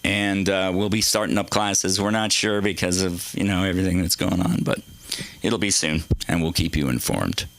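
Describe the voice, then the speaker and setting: A man's voice: low voice, normal speed, a bit bright. A middle-aged man doing a rambling, profane, self-mocking stand-up set on a comedy club stage.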